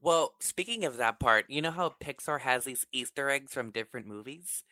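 A man hosting a casual podcast chat, excitable and swearing freely, with sudden high bursts of laughter. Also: normal speed, no echo. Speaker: podcast host.

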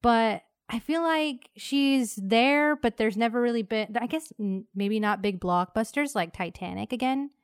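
A woman's voice: a little high, a little slow, hardly any pauses, clear, resonant tone, dry recording, clean studio sound. A woman from Texas co-hosting a casual movie chat, rambling with lots of restarts. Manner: rambling, many fillers and restarts, laughs often. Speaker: podcast co-host.

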